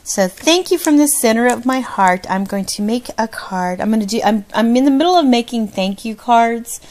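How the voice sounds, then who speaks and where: A woman's voice: fairly high pitch, animated, normal speed, a little mellow, slight background noise. Bubbly, gushing woman vlogger. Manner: bubbly, gushing, laughs often. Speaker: craft vlogger. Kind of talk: casual chat.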